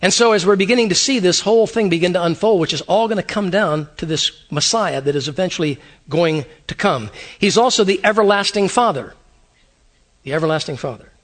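A man preaching a sermon, animated and conversational, with repeated phrases and quick asides. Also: sits high. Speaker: pastor.

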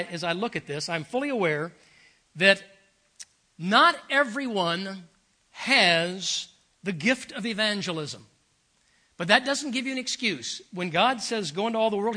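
A man's voice: high-pitched, sharp tone. An older man preaching a sermon as pastor, earnest and emphatic, telling stories and repeating phrases for effect.

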